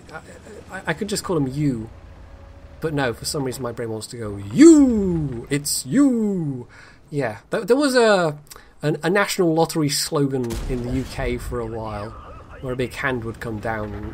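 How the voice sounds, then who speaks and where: A man's voice: a little high, a bit bright, slight background noise. A man giving casual, rambling commentary on a game replay, full of fillers and dry asides.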